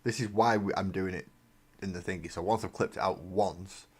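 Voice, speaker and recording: A deep-voiced English man talks loosely through a live stream while he works on models at his desk. He rambles and mocks himself, and his words often trail off into mumbles. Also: fairly even intonation, normal speed, husky. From England. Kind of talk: casual live-stream chat while building miniatures. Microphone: desk mic on a live webcam stream.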